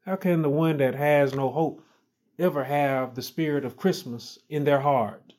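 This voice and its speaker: Guy giving a sermon real slow, keeps repeating lines for emphasis. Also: fairly high pitch, a little mellow. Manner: slow, emphatic, repeats phrases with rising stress. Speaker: preacher.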